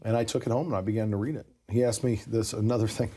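A man's voice: on the low side, fairly even intonation, fast talker, warm tone, breathy edge. A man in casual conversation, earnestly telling a personal story with lots of "you know" asides. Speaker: podcast guest telling his conversion story.

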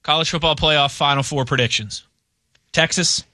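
Joking sports radio host, bright voice. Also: male voice, on the high side, dry recording, studio quality. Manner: joking, quick banter, reads listener tweets. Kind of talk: casual sports talk.

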